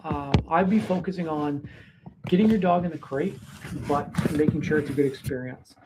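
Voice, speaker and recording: A man working as a dog trainer, giving calm, practical advice on a live stream, pausing often with fillers. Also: fairly high pitch, very noisy. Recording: slightly muffled stream audio.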